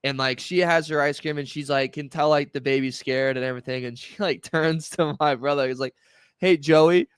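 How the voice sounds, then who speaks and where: A man's voice: medium pitch, fairly even intonation, fairly quick, few pauses, a bit bright, clear, resonant tone, no room sound. A man co-hosting a casual podcast, telling family stories and laughing through them. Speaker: podcast co-host. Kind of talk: casual storytelling chat.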